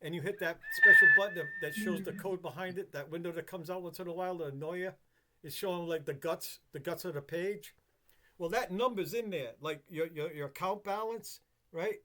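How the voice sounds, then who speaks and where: A man with a notably high voice talks in loose, rambling chat. He swears freely and often restarts his sentences as he goes. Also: big pitch swings, brisk, pushed and bright. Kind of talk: casual chat.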